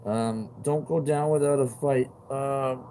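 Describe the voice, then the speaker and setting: A man's voice: mid-range voice, steady tone, takes it slowly, dark tone, a little hiss or hum. A man talking straight to his viewers in a rambling monologue, agitated and profane, full of fillers and repeated questions.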